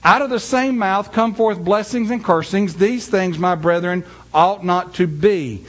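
Preaching to his congregation, a man with a fairly high, slightly bright voice reads scripture slowly, weighting every phrase. He then eases into a folksy, conversational story.

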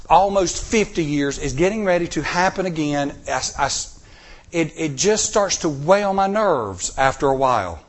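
A middle-aged man preaching a sermon, telling personal stories with animated, emphatic delivery. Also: on the high side. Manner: animated, rising to emphatic peaks. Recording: recorded sermon tape.

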